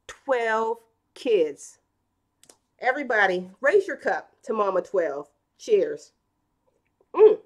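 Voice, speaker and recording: A woman in her thirties chats her way through a live stream. She tells family stories and acts out the quotes. Her voice sits at an everyday middle pitch. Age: 30s. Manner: chatty, storytelling with acted quotes. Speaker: live-stream host reading chat. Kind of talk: casual live-stream chat.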